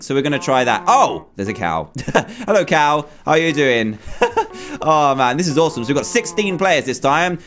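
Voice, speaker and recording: A young man commentating live on his own gameplay, excitable and quick to exclaim, often repeating himself. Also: fairly high pitch. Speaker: gaming YouTuber.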